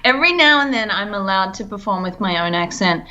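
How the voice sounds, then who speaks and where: A woman's voice: mid-range voice, lively intonation, fairly quick, pushed and bright, highs cut off. An Australian woman, a voice actor, chatting casually in an interview, laughing easily and sometimes trailing off. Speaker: voice actor guest.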